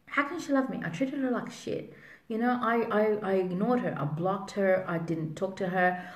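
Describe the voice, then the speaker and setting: A woman's voice: medium pitch, normal speed, slight background noise, lightly acted. A woman voicing a remorseful man who pleads in breathless self-reproach. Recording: roomy echo.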